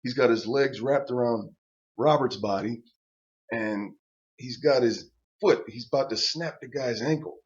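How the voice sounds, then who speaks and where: An older man spins a rough personal tale in a blunt, profane rant, tripping over himself in stammered restarts. His voice sits in a middling pitch. The recording is dull and lo-fi. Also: unhurried. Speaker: vlogger telling a personal story. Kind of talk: casual profane storytelling rant.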